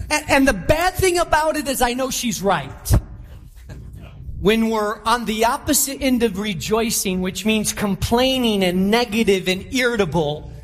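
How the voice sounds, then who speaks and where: High-voiced pastor preaching in a reverberant church. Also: male voice. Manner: animated, acts out quoted people in character. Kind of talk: sermon.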